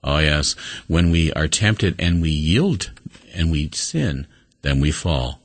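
A male preacher delivering a sermon in a deep, husky voice. He tells the story earnestly, pushing some words up high with emphasis and letting others sink to a soft, low murmur. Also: lively intonation, slow, no room sound.

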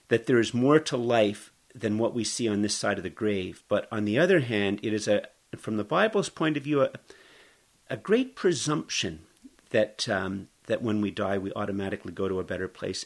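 Pastor, middle-aged man, easygoing conversational sermon style, mid-pitched voice. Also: creaky. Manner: conversational, explains as he reads. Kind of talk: expository sermon.

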